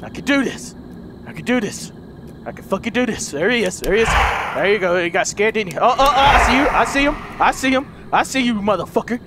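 A man's voice: high-pitched, lively intonation, quick pace, vocal fry, heavy background noise. A young man doing let's play commentary through a horror game, panicking, swearing and repeating himself. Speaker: gaming video host.

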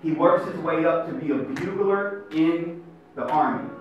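High-voiced man giving an energetic faith talk. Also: measured pace, lo-fi sound. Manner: energetic storytelling, street slang. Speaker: Catholic youth minister. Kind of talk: live motivational faith talk. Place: large hall with live audience. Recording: echoey hall, mic far off. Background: guitar music.

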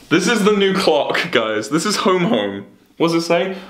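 A man's voice: on the high side, sing-song, normal speed, a bit bright, reverberant, slight background noise. A young man streaming, reacting to fan memes in casual, sweary, mock-indignant banter.

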